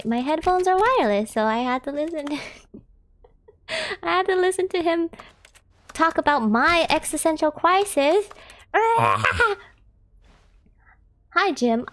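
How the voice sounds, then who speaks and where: A giggly young American woman with a high voice, chatting away on her live stream. She talks casually and laughs often between remarks.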